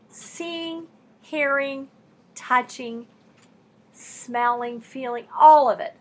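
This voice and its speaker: Woman preaching a bible lesson, high husky voice, gets fired up and emphatic. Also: extremely slow, pauses often. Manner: impassioned, emphatic, conversational teaching with rising bursts. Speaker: Bible teacher. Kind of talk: sermon.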